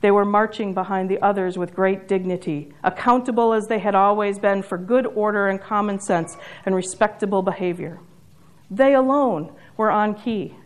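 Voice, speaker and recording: A woman preaching, retelling a story in a measured and reflective way. Her voice sits at an ordinary pitch for a woman. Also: steady tone.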